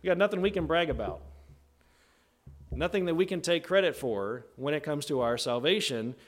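A man's voice: expressive, moderate pace. A man preaching a conversational sermon in a teaching tone, often checking in with "right?" and acting out quoted voices. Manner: acts out quoted voices with big pitch jumps.

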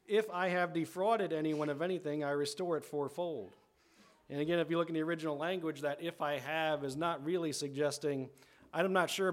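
A middle-aged man preaching a sermon as a pastor. His voice sits a little on the high side, and he talks in an easy, conversational way. He keeps turning to the congregation as he works through a passage of scripture. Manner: conversational, often asks "right?" and rephrases.

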